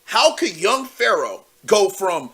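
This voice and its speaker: A man's voice: sits high, sing-song, takes it slowly, pushed and bright, slightly rough. A young man hosting a live call-in show, commenting loosely with lots of fillers and asides to viewers. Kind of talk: casual political commentary.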